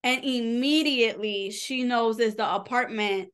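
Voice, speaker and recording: Chatty woman with a smooth, high voice. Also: unhurried, a bit bright. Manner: chatty, filler-heavy retelling with quoted dialogue. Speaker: podcast co-host. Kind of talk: casual book recap.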